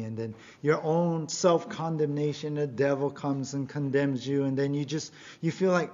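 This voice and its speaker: A man's voice: a little high, moderate pace, hardly any pauses, a little mellow, lo-fi sound. A man preaching a sermon as pastor, earnest and emphatic, often asking his listeners questions.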